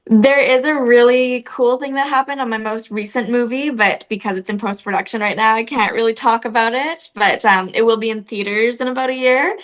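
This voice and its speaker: A young actress chatting as an interview guest, telling stories with frequent filler words. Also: female voice, fairly high pitch, fairly quick, few pauses, fairly bright tone. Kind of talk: casual interview chat.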